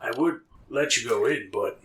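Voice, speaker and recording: A man's voice: mid-range voice, moderate pace, a bit bright, slight background noise, lightly acted. A man playing a formal prison guard.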